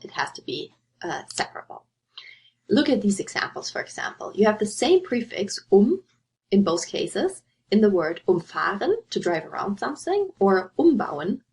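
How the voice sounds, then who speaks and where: Patient woman teaching German grammar. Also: mid-range voice. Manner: patient, clear, with frequent "okay" and "um"; slows down to pronounce German examples. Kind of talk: recorded slide lesson.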